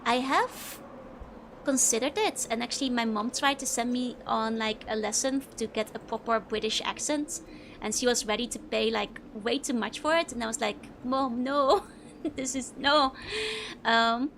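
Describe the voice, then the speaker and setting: A woman's voice: a little high, normal speed, fairly bright tone, a little hiss or hum. A young Dutch woman with a Dutch accent, chatting casually and giggling as she streams a game and answers her chat. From Netherlands.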